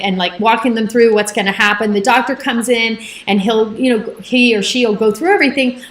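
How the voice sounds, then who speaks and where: A woman's voice: a little high, a bit bright, roomy sound. A middle-aged woman hosting a livestream, telling stories in a chatty, rambling way full of fillers. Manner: chatty, rambling storyteller with many fillers and laughs. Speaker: livestream host. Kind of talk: casual livestream chat. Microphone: phone.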